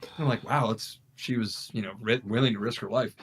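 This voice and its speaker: A man's voice: mid-range voice, fairly quick, a little hiss or hum. Young man telling a wild story. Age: young adult. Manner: animated, acts out what people said. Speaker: podcast co-host. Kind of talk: casual storytelling among friends.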